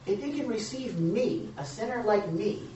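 Animated preacher in a roomy hall. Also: male voice, high voice, moderate pace. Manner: animated, joking asides, acts out quotes. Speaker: pastor. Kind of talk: sermon. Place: church or meeting room with a live audience. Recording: roomy, distant, dull sound with faint noise.

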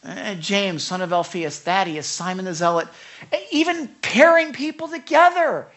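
A woman preaching with a bright, sharp-edged voice. She delivers the sermon in an animated way, stumbling over repeated words as she goes. She slips into the voices of the people she quotes. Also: medium pitch, normal speed. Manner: animated, frequent stammered repeats; acts out quoted speakers.

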